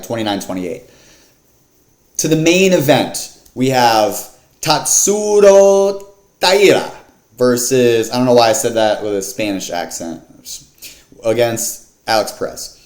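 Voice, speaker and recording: In an echoey room, a man with a fairly low, darkish voice casually breaks down an MMA fight card. He's a fight picks vlogger whose talk is slangy and full of fillers.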